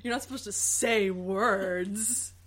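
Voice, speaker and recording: A woman co-hosts a podcast in loose, casual chat. She jokes, laughs often and swears freely, with a voice of ordinary pitch. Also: fairly even intonation, takes it slowly, a bit bright, slight background noise. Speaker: podcast co-host.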